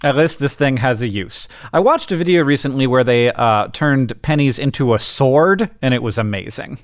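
A middle-aged American man co-hosting a podcast in casual chat, lively and wry, laughing easily. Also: mid-range voice, moderate pace, dry recording, clean studio sound. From United States. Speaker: podcast co-host.

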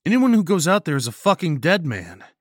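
A woman's voice: on the low side, big pitch swings, fairly quick, no echo, studio quality, pitched above the performer's own voice. A man voicing Nancy, a tough young woman survivor who talks bluntly and swears, in a horror audio story. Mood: blunt angry. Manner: blunt, swearing, then grieving.

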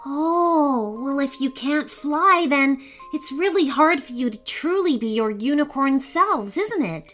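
A woman voicing an excited ten-year-old girl who asks eager, wide-eyed questions. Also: high voice, measured pace, faint music behind, voice pushed up.

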